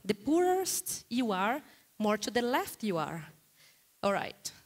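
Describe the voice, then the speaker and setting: A woman from Brazil with a Brazilian Portuguese accent, giving a lively guest lecture in a hall and putting frequent questions to the audience. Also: mid-range voice, slow pace. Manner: animated, questions the audience often.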